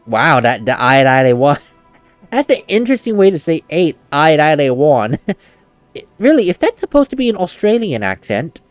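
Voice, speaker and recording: A man's voice: on the high side, huge pitch swings, normal speed, no room sound, soft background music. A young man playing a video game, chatting and giggling while reading lines aloud. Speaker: let's play gamer. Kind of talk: casual game commentary.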